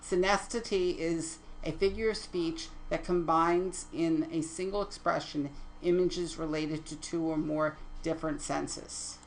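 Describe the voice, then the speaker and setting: A woman's voice: low-pitched, fairly even intonation, measured pace, few pauses, a little hiss or hum, low-quality recording. A woman teaching poetry terms in a lecture over slides, reading definitions steadily and correcting her own slips. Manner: methodical, reads definitions aloud, self-corrects slips.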